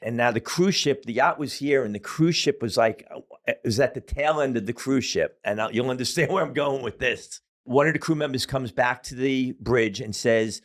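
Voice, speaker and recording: A man's voice: mid-range voice, normal speed. Casual, profane man telling a story. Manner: casual, profane, animated storyteller with many fillers. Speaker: podcast guest.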